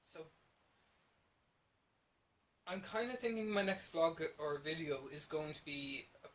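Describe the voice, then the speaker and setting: A man's voice: fairly high pitch, animated, takes it slowly, fairly bright tone. A man with a Dublin Irish accent, chatting casually to camera at home in a rambling, self-deprecating way. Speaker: vlogger.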